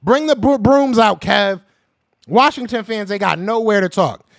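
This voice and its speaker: A man with a high voice on a close, dry mic, hosting a sports podcast stream. He trash-talks rival fans in loud slang and hammers each point over and over. He speaks straight to viewers in the chat. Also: a little slow, vocal fry, no echo. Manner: heated, trash-talking, repeats himself for emphasis. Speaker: podcast host. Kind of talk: live-stream sports rant.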